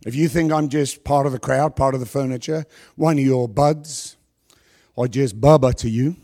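A middle-aged man preaching a sermon to a congregation on a handheld microphone, with a worn voice, asking rhetorical questions and pausing for effect. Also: mid-range voice, steady tone. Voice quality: voice worn from past yelling. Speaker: pastor.

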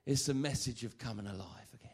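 A man preaching a sermon, lively and joking, often stammering and repeating phrases. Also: mid-range voice, fast talker, breathy edge.

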